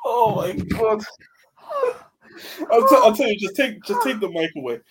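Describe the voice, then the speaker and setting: A man co-hosting a casual football chat, slow and drawn out, laughing often. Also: high voice, lively intonation, noisy background. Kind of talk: casual football podcast banter.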